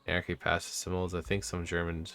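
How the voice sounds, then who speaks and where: A man's voice: deep voice, completely flat delivery, gravelly, fairly bright tone, soft background music. A man streaming himself as he reads a narrative game aloud, stumbling now and then and breaking off to comment. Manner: halting reading with stumbles and asides.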